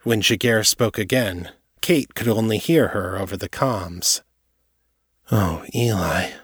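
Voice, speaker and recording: A man narrating an audiobook chapter in a measured, steady way. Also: fairly low pitch, breathy edge, no echo, studio quality. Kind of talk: scripted narration.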